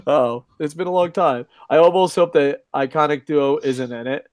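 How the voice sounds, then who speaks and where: A middle-aged man with a fairly high voice talks loosely on a live stream, reading out chat and cussing with easy laughter. The sound is dry and close. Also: moderate pace, no echo. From lives in Japan. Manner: profane, joking, laughs often. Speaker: podcast host reading chat.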